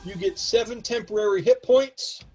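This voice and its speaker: Running a tabletop session as game master, this man speaks in a high, lively voice, tallying ranges and throwing rapid side comments at the players. Music sits faintly in the background, and the audio quality is poor.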